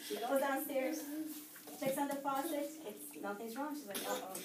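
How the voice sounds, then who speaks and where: A woman's voice: high-pitched, normal speed. A woman telling a spooky story aloud at a library event, chatty and full of laughing asides to her listeners. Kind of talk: casual spooky storytelling to an audience. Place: public library event room. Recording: echoey room, distant mic, background noise.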